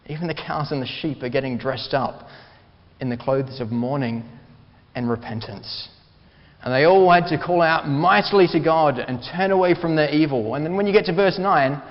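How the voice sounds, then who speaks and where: A man's voice: fairly high pitch, highs cut off. Man preaching in a reverberant hall. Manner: earnest, emphatic preaching with slow stressed phrases. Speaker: pastor. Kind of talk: sermon.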